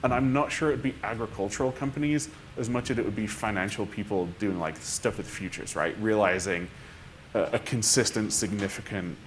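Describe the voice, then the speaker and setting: A man's voice: lowish voice, brisk, slight background noise. A man speaking on a conference panel, thinking aloud with restarts and tag questions. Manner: thinking aloud with frequent restarts and "right?" tags.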